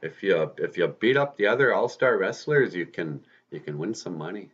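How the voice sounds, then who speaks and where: A man voicing an eager, hot-tempered young male superhero, talking excitedly in a raised voice. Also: low-pitched, normal speed, dull audio.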